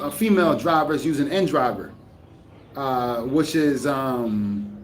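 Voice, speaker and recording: A man's voice: fairly high pitch, slight background noise. A man in a casual vlog, reflecting to camera with many fillers and restarts; he is from the United States. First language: English. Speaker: vlogger.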